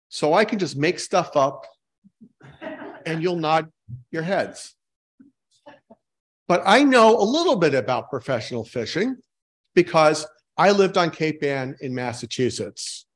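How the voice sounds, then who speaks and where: A man preaching a sermon in a relaxed, conversational way, asking his congregation questions and poking fun at himself. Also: a little high. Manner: informal, asks the congregation questions, self-mocking jokes. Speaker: pastor.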